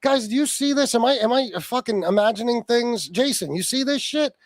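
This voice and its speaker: A man's voice: extremely high pitch, animated, brisk, no room sound. A man hosting a livestream, talking in crude, profane, mocking banter and laughing at his guests. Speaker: livestream host.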